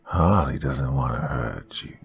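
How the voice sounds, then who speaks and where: A childlike shadow demon, voiced by a man drags out every word in a breathy, hissing whisper. Each line drips with mockery, rumbling deep and gravelly in a horror tale. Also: full character voice. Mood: mocking, whispering. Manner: slow, hissing, mocking whisper. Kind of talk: horror story narration.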